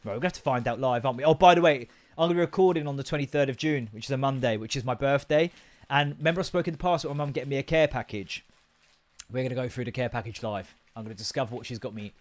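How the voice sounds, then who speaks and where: A man's voice: medium pitch, racing. A British man in his thirties hosting a solo podcast, ranting and rambling with heavy swearing. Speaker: podcast host.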